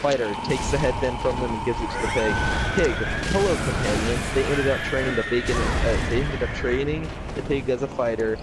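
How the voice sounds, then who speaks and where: A young man rambles through anecdotes in a relaxed gaming chat, filling every pause with "like" and slipping into impressions of his teacher. His voice sits at an ordinary pitch, buried under loud, constant background noise. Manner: rambling storyteller, many fillers, imitates his teacher. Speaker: gamer chatting with friends. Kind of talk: casual chat while gaming.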